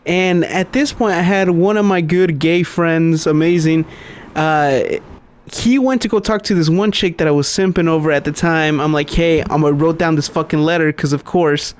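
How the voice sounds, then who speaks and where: A young man on a casual podcast spins a rambling, swear-heavy story and laughs along the way. His voice sits a little higher than most men's. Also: normal speed. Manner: profane, storytelling, laughs often. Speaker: podcast co-host. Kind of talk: casual chat.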